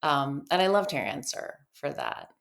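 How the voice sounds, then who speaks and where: A woman guest on a podcast, a clinical officer at a treatment center, telling lively stories and acting out quoted dialogue. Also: low-pitched, moderate pace, creaky. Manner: lively storyteller who acts out quoted dialogue. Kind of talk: podcast conversation, storytelling.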